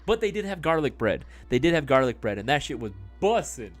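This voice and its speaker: A man's voice: on the high side, sing-song, fairly quick, faint music behind. A young man telling a story on a live stream in a rambling, casual way, with lots of fillers and swearing.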